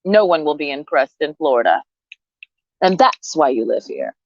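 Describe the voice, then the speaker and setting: Seated under a tree outdoors, a vlogger airs her grievances to camera in a low, gravelly voice with big pitch swings at a moderate pace. She laughs between blunt, sarcastic jabs and swears freely. Slight background noise sits under the dull, lo-fi audio.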